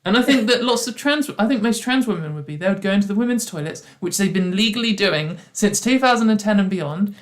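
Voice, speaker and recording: With an animated, mid-range voice, a livestream host talks fast and barely pauses during a casual video-call chat. She rambles, keeps restarting, and shifts into ironic quoted voices.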